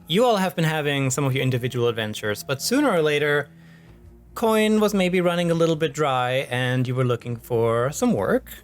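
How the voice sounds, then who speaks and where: A man narrating as game master in a relaxed, loose way, with many pauses and fillers. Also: fairly high pitch. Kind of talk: casual narration of a tabletop game.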